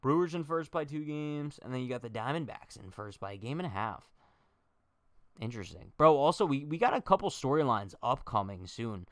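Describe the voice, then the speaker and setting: A man's voice: mid-range voice, very animated, a little fast, no echo, studio quality. A young man hosting a casual baseball livestream, chatting and joking straight to his viewers. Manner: chatty, jokey, talks to chat directly.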